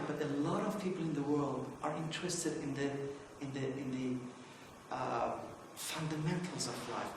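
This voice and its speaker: A man's voice: on the high side, a little hiss or hum. A middle-aged man giving informal opening remarks at a conference, rambling through anecdotes with many fillers and restarts. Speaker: conference speaker. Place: conference hall. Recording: echoey hall, distant mic.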